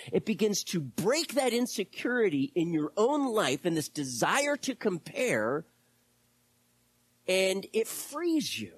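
A man preaching a sermon as pastor, impassioned and then dropping to hushed, whispered prayer. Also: high voice, dry recording.

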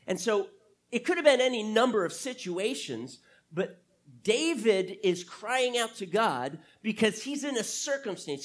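A male pastor preaching a sermon to his church, emphatic, asking rhetorical questions and stretching out key phrases. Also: sits high.

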